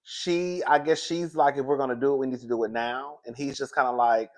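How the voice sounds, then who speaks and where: A man's voice: mid-range voice, fairly quick, few pauses. Chatty gossiping man recapping reality TV. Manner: chatty, gossipy and animated, laughs often, says "girl" a lot. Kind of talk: casual chat.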